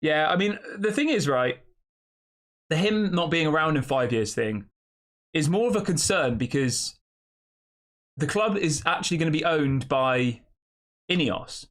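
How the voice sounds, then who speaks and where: A man's voice: a little high, lively intonation, measured pace, long pauses, a bit bright. A man hosting a fan channel, giving casual opinion commentary, thinking aloud, often correcting himself and asking rhetorical questions.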